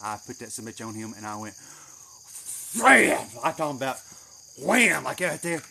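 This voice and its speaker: A man telling a story in a casual, animated way, swearing heavily as he goes. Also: medium pitch, racing, a crowd in the background. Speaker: channel host. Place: greenhouse.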